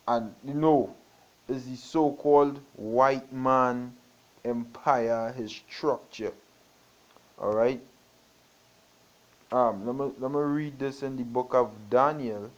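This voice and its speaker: A man's voice: mid-range voice, poor audio. A man preaching, reading magazine text and scripture aloud with asides and emphatic stresses.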